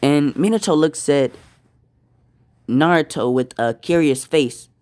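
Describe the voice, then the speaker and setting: Slow, halting fan-story narrator man. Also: a little high, a little mellow, clean tone. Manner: slow, halting, with fillers and restarts.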